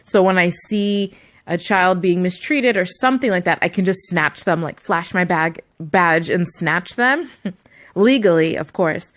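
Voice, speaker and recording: A woman's voice: fairly low pitch, unhurried. A young adult woman vlogging, telling a story in a chatty, indignant way full of asides. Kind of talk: casual storytelling to camera.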